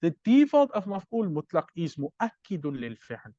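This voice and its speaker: A man's voice: sits high, sing-song, moderate pace, dark tone, no room sound, dull audio. A man teaching Arabic grammar in a recorded lecture, explaining step by step and often checking understanding with "right?".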